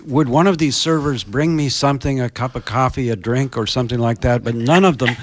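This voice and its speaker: Deadpan man musing in banter. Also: medium pitch, brisk, slight background noise. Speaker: comedy troupe member. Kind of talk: dry improvised banter.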